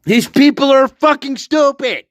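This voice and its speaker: A man with a high voice rants angrily. He swears and mocks as he goes. His delivery is slow and deliberate, and pitch swings widely, with bursts of shouting, heard dry and close. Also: animated, dry recording. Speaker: online commentator. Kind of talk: ranting commentary.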